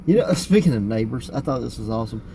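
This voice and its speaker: A man's voice: mid-range voice, expressive, quick pace, dark tone, a little hiss or hum. A man co-hosting a casual wrestling podcast, chatty and laughing often, with many fillers. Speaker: podcast co-host. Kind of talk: casual chat.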